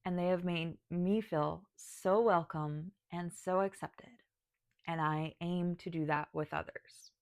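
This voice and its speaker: Speaking slowly in a lowish, steady, slightly mellow voice, a spiritual guide and video creator tells the camera about her spiritual journey. She is tearful, choking up, sighing and starting over. The studio-quality recording has no room sound.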